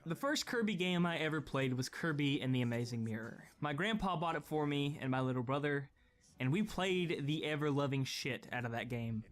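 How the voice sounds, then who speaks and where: A man's voice: fairly high pitch, expressive, normal speed. A young man giving scripted gaming vlog commentary, profane and sarcastic, ranting with strong opinions. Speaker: gaming video creator.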